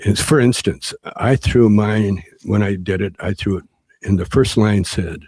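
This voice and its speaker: A man with a deep, rough-edged, slightly mellow voice spins a long, rambling story as an interview guest. He speaks haltingly, using many fillers, circling back and restarting sentences, and the sound is dry, close, and free of echo.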